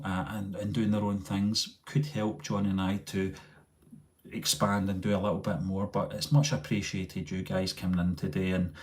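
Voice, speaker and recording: Man, low-ish voice, live chat host, rambling, phone mic. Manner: rambling, many fillers and restarts. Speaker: channel host. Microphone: mobile phone.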